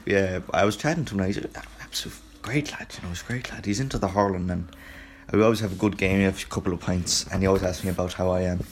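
A young Irish man co-hosting a comic podcast, rambling and boasting deadpan as a boozy lad with plenty of swearing. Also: deep voice, rapid-fire, a little hiss or hum. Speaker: podcast co-host. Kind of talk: comedic banter playing a boozy lad.

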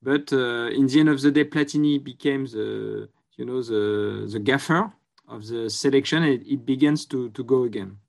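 A man's voice: mid-range voice, steady tone, moderate pace, creaky. A man with a French accent, a journalist guest answering in English, hesitant and full of uhs while he searches for words. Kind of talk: interview answers.

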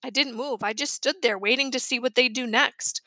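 A woman reading a children's chapter book aloud with lively storytelling. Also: high-pitched, normal speed, dry recording. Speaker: reader.

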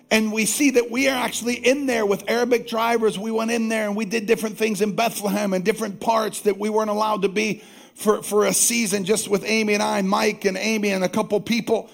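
Man, pastor, sermon, calls for congregation responses, high voice, gravelly. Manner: preaching with call-and-response to the congregation; slows down to stress scripture lines.

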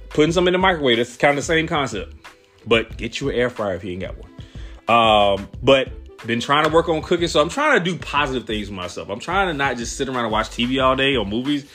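A man, ranting casually with lots of profanity and animated storytelling. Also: medium pitch. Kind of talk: casual rant.

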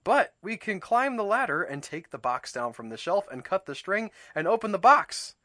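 A man voicing an excitable storybook toad. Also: sits high, normal speed, no echo, studio quality, pitched above the performer's own voice, exaggerated voice. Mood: eager. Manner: eager, pleading, raised voice. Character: excitable fretful male toad, storybook friend.

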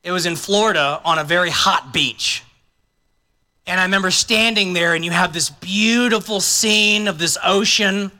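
A pastor preaches a sermon conversationally, tossing joking asides to the congregation. His voice sits high, pushed and bright, at a moderate pace.

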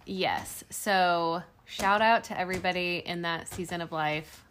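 This is a woman co-hosting a casual podcast chat. She speaks in a slightly low voice. She is easygoing and explains things plainly. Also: a little slow, crowd noise. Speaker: podcast co-host.

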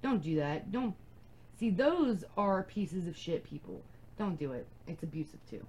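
A woman's voice: fairly low pitch, lively intonation, measured pace, darkish tone, husky, low-quality recording. A young adult woman hosting a casual advice podcast, talking bluntly and emphatically and swearing freely. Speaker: podcast host.

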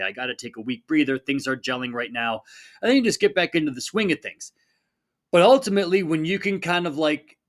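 A man in his thirties talks through a solo fitness podcast in an easy, mid-pitched voice. He sounds like a coach giving a pep talk, upbeat and conversational, and he slips into quick quoted voices as he goes. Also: fairly bright tone.

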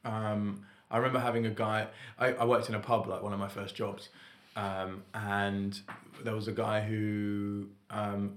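A man's voice: fairly low pitch, flat delivery, measured pace, fairly bright tone. A young man with a London accent chatting casually and telling rambling stories full of fillers. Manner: rambling, filler-heavy storytelling. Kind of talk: casual chat. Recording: roomy echo.

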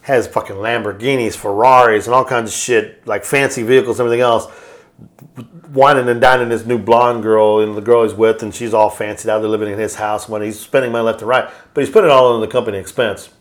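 A man's voice: on the low side, steady tone. Rambling man recapping a movie plot. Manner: rambling, loose storytelling with quick voiced quotes. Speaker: podcast host.

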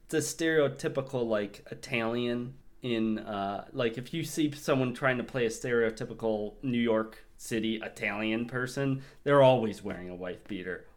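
A man's voice: medium pitch, normal speed, hardly any pauses. A man chatting casually on a podcast, laughing often and mimicking voices as he talks. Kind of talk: casual chat.

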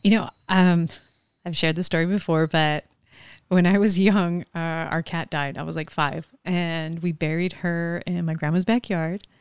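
Chatty woman, low voice, dry sound. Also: steady tone, normal speed, clean tone, no room sound. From California. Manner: chatty, lots of "like" and quoting. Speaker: guest, forensic investigator. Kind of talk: casual interview storytelling.

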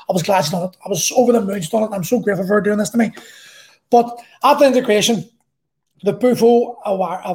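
A man's voice: sits high, darkish tone. Middle-aged belfast guy telling his story, blunt and sweary, rambles a lot. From Northern Ireland. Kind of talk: personal storytelling.

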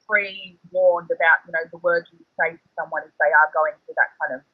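A man, a guest telling animated stories in casual chat, heavy on the word "like". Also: on the high side, fairly quick, husky, no room sound, narrow, tinny audio. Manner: excitable, animated storyteller, fillers like "like". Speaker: guest, former reality show contestant.

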